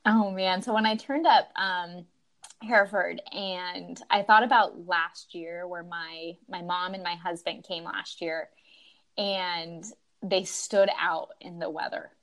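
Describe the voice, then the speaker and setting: A woman from Utah, a podcast guest, telling a race story in a lively, grateful way with lots of "like" fillers. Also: lowish voice, takes it slowly. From Utah, USA. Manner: animated, grateful, full of "like" and "um" fillers. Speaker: podcast guest, marathon runner. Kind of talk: conversational interview storytelling.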